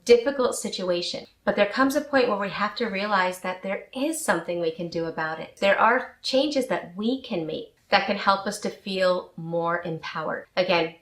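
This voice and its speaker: Woman coach, mid-pitched, measured and earnest, talking to camera in a roomy space. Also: a bit bright. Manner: measured, earnest, slows to stress points. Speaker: life coach. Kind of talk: talk to camera on relationships. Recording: echoey room.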